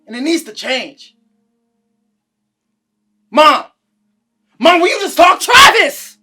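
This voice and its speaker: A man's voice: extremely high pitch, moderate pace, pushed and bright, faint music behind, full character voice. An actor playing a troubled young man who pleads with his mother and lashes out at a friend. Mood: pleading. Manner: pleading, then angry and accusing. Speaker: adult son.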